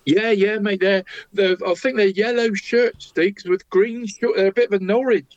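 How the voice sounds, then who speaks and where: A man's voice: high voice, fairly even intonation, normal speed, no echo, lo-fi sound. Jovial man, mate every line. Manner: jovial, says "mate" in nearly every sentence. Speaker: co-host of a local football show. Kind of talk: casual sports chat.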